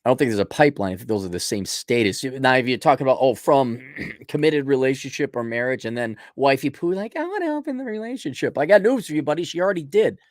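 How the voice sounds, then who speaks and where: Man, livestream host, blunt, sarcastic, animated pitch, dry mic. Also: quick pace, dry recording. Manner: blunt, sarcastic, mocking asides. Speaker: podcast host reading viewer donations. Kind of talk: casual livestream chat.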